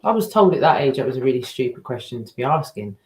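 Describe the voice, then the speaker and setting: A woman's voice: a bass voice, big pitch swings, fast, over a noisy crowd. Woman in a roomy echo. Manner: earnest, questioning, asks the chat for input. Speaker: podcast co-host. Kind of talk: casual chat.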